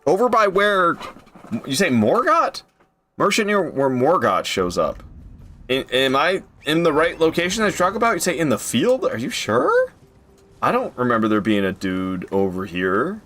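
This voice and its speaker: A man giving casual live commentary on a game, excitable, swearing casually and talking to his chat. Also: on the high side, moderate pace, slight background noise. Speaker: game streamer.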